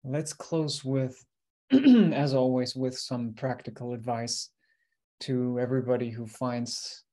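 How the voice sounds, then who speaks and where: A man's voice: mid-range voice, slow, dark tone. A man hosting an interview, asking questions in a hesitant way, searching for his words. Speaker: interview host. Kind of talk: conversational interview.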